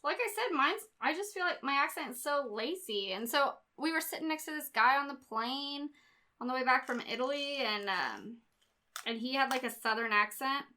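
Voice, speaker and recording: A woman's voice: high-pitched, moderate pace. A woman co-hosting a casual podcast, telling stories and acting out what people said. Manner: animated, acts out quoted dialogue. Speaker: podcast co-host. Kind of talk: casual chat, storytelling.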